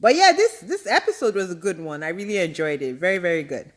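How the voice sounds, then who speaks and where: A young adult woman giving a casual reality TV recap, animated, exasperated and full of slang. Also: fairly low pitch, quick pace.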